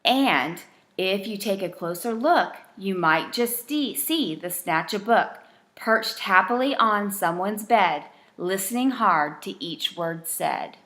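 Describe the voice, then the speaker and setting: A woman reading a rhyming bedtime storybook aloud with a gentle, rhythmic delivery. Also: medium pitch, lively intonation, slow pace.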